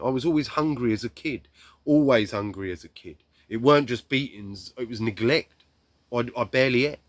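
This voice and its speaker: A man telling a raw personal story bluntly, swearing heavily and acting out shouts and quoted lines. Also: medium pitch, no echo.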